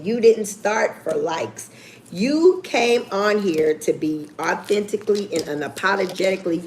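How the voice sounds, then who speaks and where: A woman chatting casually on a livestream, candid and profane, with lively swings in her voice. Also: mid-range voice, a little hiss or hum. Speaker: YouTuber.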